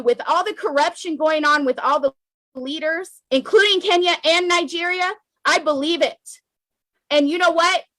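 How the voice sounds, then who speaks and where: An American woman with a very high voice delivers an emotional political monologue straight to her audience. She is fiery and insistent, repeating lines to drive them home. The recording is dry and close, with no room echo. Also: a bit bright. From United States. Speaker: political commentator. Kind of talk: impassioned political monologue to camera.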